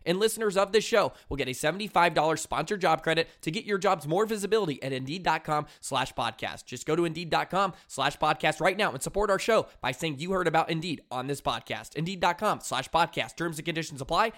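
A man reading a scripted ad in a smooth, persuasive voice. His pitch is slightly high for a man. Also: a bit bright. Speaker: ad reader. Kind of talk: scripted ad read.

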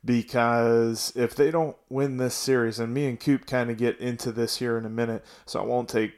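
A man's voice: medium pitch, flat delivery, moderate pace, a little mellow. Give me a man talking sports on his podcast, casual and a bit fed up, restarting his sentences. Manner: frustrated, rambling, with restarts. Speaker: podcast host.

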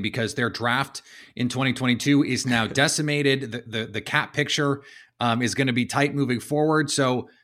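A man hosting a sports podcast, punchy and energetic as he sets up debates. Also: mid-range voice. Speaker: podcast host.

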